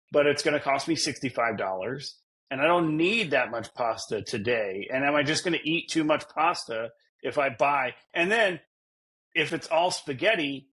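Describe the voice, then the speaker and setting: Podcast co-host, male, husky tone, rambling and self-deprecating, casual chat. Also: fairly high pitch, fairly bright tone.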